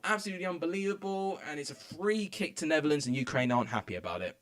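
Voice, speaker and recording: A young man giving excitable, rambling commentary as he live-streams a football match from home. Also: a little high, fast talker. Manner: excitable, rambling, many fillers. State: out of breath. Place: home room.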